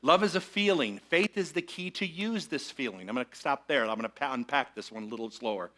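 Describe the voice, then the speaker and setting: A man's voice: medium pitch, expressive, fast talker, sharp tone. A man minister giving a conversational sermon to a congregation, asking them to repeat lines with him. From Michigan. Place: church sanctuary with congregation.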